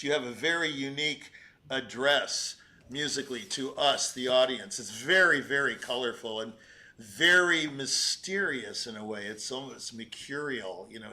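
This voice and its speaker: An older man giving rambling, animated feedback on a piano performance, singing out phrases and laughing as he talks. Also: medium pitch. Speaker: competition juror giving feedback. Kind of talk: spoken critique of a performance.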